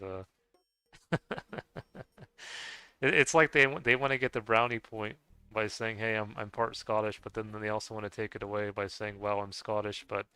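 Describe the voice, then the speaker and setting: A man from the United States, a gaming streamer, chatting casually while he plays, rambling and halting with many restarts and soft chuckles. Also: lowish voice, clean tone, dry recording. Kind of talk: casual chat while playing a game.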